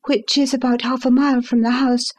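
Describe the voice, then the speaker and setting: A woman giving a measured, expressive first-person narration of a classic story as an audiobook reader. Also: high-pitched.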